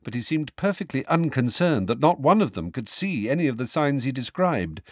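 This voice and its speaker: A man narrating an audiobook with expressive storytelling. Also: mid-range voice, normal speed, no echo, clean studio sound. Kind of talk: scripted narration.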